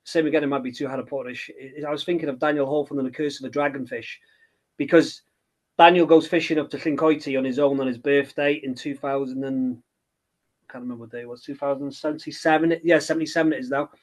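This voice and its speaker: A middle-aged man who writes children's books chats in a casual interview, rambling and hesitant with many restarts. His voice is medium in pitch with a steady tone, and he speaks at a quick pace.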